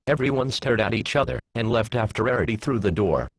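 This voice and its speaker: A man reading a fan fiction story aloud in a plain, steady storytelling manner. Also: medium pitch, fairly quick, gravelly, a little hiss or hum, rough recording. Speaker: narrator.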